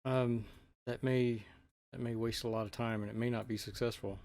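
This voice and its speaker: A man's voice: mid-range voice, little pitch movement, creaky, darkish tone. A man co-hosting a live stream, chatting casually and laughing while cartoons play, with many fillers and restarts. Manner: laughs often, halting with fillers. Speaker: podcast co-host. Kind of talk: casual chat over cartoons.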